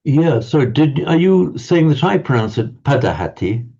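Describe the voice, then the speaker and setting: A man teaching a Pali class, talking in a halting, thoughtful way with many restarts, on a dull lo-fi recording. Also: mid-range voice, sing-song, gravelly, mellow, slightly rough.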